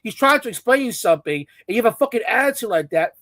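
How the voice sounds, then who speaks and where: Man, high voice, angry profane rant, dry close recording. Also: expressive, fast, fairly bright tone, no echo. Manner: profane, ranting, scornful. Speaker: commentator reacting to a clip. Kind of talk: angry reaction commentary.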